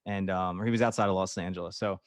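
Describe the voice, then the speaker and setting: Fast-talking Philadelphia man, dry sound. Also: sits low, fairly even intonation, no room sound. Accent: Northeast Philadelphia. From Northeast Philadelphia. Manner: rambling, repeats words, laughs often. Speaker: podcast co-host. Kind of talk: casual business podcast chat.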